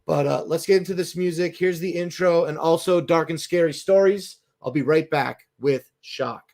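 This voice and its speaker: A man's voice: on the high side, moderate pace, a little mellow. A man hosting an online music show, bantering in a loose, profane, upbeat way.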